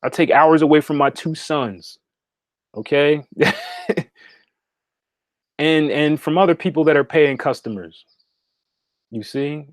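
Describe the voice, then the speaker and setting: A man's voice: a little high, slow pace, long pauses, no echo, studio quality. A man hosting a casual livestream from his home meditation room, talking straight to viewers and often checking in with "okay?". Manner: direct, repetitive, asks "okay?" often. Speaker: livestream host and spiritual consultant.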